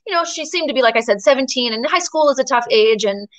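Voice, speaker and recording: Chatty woman with a higher voice. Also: fast, low-quality recording. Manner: animated, chatty, many fillers. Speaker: interview guest, muralist. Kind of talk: storytelling in conversation.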